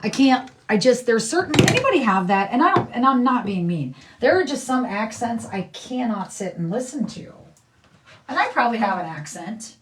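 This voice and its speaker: A woman's voice: a little high, big pitch swings, normal speed, recorded from a distance, noisy background. Blunt rambling woman livestreamer. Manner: blunt, rambling, repeats herself. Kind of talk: casual livestream chat.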